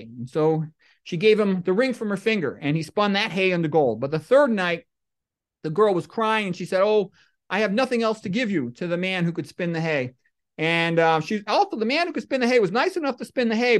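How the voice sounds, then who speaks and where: A middle-aged man hosts a podcast and talks his way through comic stories and quotes. His delivery stays deadpan and wanders into rambling asides. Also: sits high. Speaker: podcast host. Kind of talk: comic monologue and storytelling.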